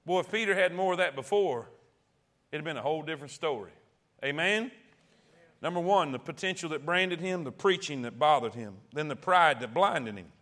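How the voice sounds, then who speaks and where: A man's voice: fairly high pitch, lively intonation, normal speed, fairly bright tone. A man preaching a sermon as pastor, calling out to the congregation and repeating key phrases.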